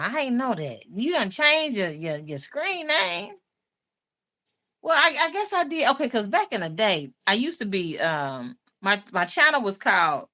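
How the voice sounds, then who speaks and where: Bright-voiced chatty woman livestreaming. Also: on the low side. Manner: chatty and laughing, reads out viewer comments. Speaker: YouTube livestream host. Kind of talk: casual live chat with viewers.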